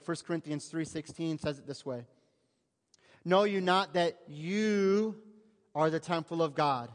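A male pastor delivers a conversational sermon, with humorous asides to his congregation. His voice sits a little high. A long reverb hangs on every line from the church hall. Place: church sanctuary.

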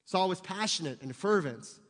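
A man's voice: sits high, expressive, moderate pace, fairly bright tone, in a large hall. A man preaching a sermon as pastor, speaking emphatically and asking his listeners rhetorical questions.

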